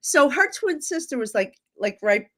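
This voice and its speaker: A middle-aged woman, a psychic medium and podcast guest, telling animated stories with frequent laughs. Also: sits high, normal speed. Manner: animated storyteller who laughs often and acts out voices. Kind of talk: casual podcast chat.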